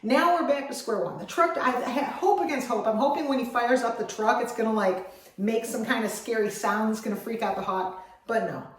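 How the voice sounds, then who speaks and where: Woman vlogger, a bit high-voiced, animated storyteller, recorded far from the mic in a very echoey space. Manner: expressive, swings from loud excitement to hushed calm.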